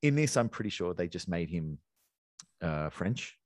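A man's voice: sits low, big pitch swings, a little slow, dry recording, studio quality. A man co-hosting a casual podcast chat about a film, rambling and enthusiastic, swearing now and then.

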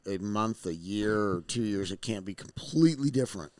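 A man's voice: fairly low pitch, animated, normal speed, a little mellow, no echo. A man on a podcast, casually telling how he and his partner built their business, rambling and emphatic. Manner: rambling, emphatic, restarts often. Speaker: podcast guest, business co-founder. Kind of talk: casual conversation.

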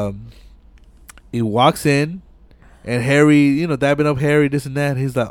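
A man's voice: mid-range voice, normal speed, pauses often, dry recording. A man hosting a podcast, casually recapping a movie scene by scene, swearing a lot and acting out the characters' lines. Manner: animated retelling with profanity, acts out lines. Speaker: podcast host.

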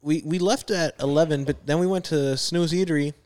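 A man's voice: a little high, a little fast, darkish tone. Laid-back young man mixing English and Spanish. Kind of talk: casual chat among friends.

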